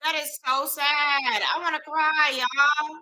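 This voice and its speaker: Young woman, live reaction streamer, animated, casual slang, very bright tone. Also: sits high, measured pace, poor audio. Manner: animated, exclaiming, casual slang addressing viewers.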